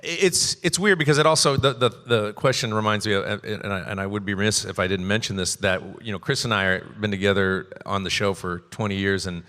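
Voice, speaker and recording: A quick-talking man with a bright, forceful voice and a slightly low pitch tells rambling, animated stories on a convention stage. His voice carries the long reverb of a large hall. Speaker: voice actor on a convention panel. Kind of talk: casual panel talk.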